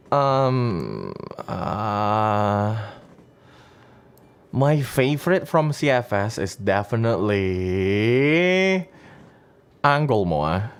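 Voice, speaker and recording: A young man from Indonesia, chatting casually and playfully as a streamer answering viewer questions, with tiny guitar music behind him. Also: clean tone. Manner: playful, teasing, often jumps into a high excited voice. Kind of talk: casual chat. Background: faint guitar music.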